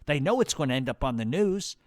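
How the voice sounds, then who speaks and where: A man's voice: mid-range voice, animated, quick pace, no room sound, clean studio sound. A man with a New York accent hosting a podcast, delivering a blunt, heated rant full of swearing. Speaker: podcast host. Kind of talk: profane angry rant.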